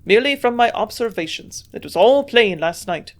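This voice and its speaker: A woman voicing a shrewd old German male scientist who grunts out blunt remarks in a put-on German accent, louder than her narration. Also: a little high, expressive, normal speed, voice pushed up, close to an everyday voice. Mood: gruff.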